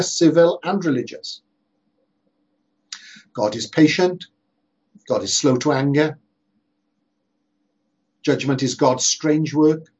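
A man preaching a sermon in an earnest, emphatic way, slowing down to stress repeated phrases. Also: on the high side, a little mellow, breathy edge. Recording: dull lo-fi sermon recording.

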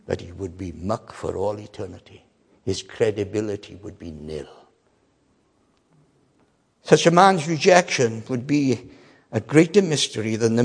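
A man preaching a sermon with emphasis, swinging between loud declarations and quiet asides. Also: medium pitch, gravelly, husky. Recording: long reverb of a large hall.

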